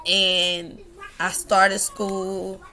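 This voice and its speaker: A woman's voice: medium pitch, level tone, very slow, bright, forceful tone. A young woman telling a personal story to the camera, emotional and laughing, at times tearful. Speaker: vlogger.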